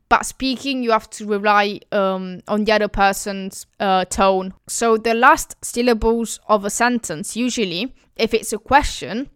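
A woman's voice: on the high side, a bit bright, clear, resonant tone, no echo, studio quality. A woman from Italy, a native Italian speaker, explaining her language in English with an Italian accent. She talks in a chatty, giggly way and often restarts her sentences. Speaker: language vlogger. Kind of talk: casual explainer.

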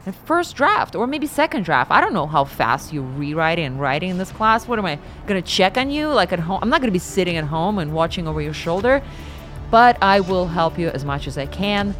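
A woman co-hosting a podcast, talking in a gushing, animated way. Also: on the low side, a little fast, soft background music. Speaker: podcast co-host. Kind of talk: casual podcast chat.

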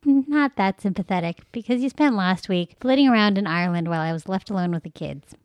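Woman, teasing, playful, casual podcast chat, mid pitch. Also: fairly quick, clean tone, no room sound. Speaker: podcast co-host.

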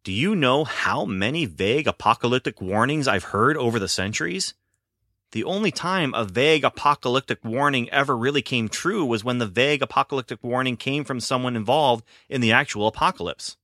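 A man's voice: medium pitch, expressive, brisk, sharp tone, dry recording, studio quality, pitched above the performer's own voice. A man voicing a boastful, wry ancient male demigod in a story reading, talking in a sardonic, grumbling way.

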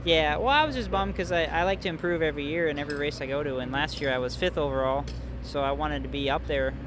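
A young man with a somewhat high voice, calmly explaining his race in a relaxed, matter-of-fact way. Engines and track noise can be heard clearly behind him outdoors. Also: fast. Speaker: pro motocross rider. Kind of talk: casual post-race interview.

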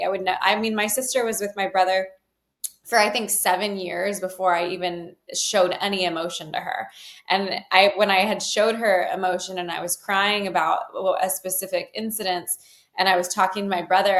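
A woman's voice: mid-range voice, fairly bright tone. A woman guest speaking earnestly in a candid interview, with many "like" fillers. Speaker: guest, healer. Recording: roomy echo.

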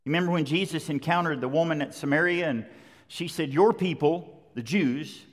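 A man's voice: fairly high pitch, brisk. A middle-aged man preaching a sermon, conversational yet emphatic, driving points home with repetition. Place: large church sanctuary. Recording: long hall reverb.

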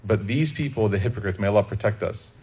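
A man from Chicago giving a conversational religious talk, lively and humorous, speaking straight to the audience. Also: lowish voice, fast, a little hiss or hum. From Chicago, USA. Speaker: Islamic speaker.

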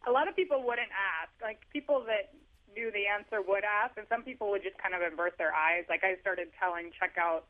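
A man's voice: sits high, brisk. A man author chatting on the phone about parenting, telling funny stories with self-deprecating humor. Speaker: author guest. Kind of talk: casual phone interview. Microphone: telephone. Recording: tinny phone line.

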